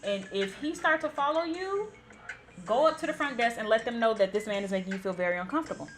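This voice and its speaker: A woman's voice: a little high, animated, quick pace, soft background music, close to an everyday voice. A woman voicing her furious, protective mother, who swears and barks orders. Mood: commanding. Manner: swearing, commanding.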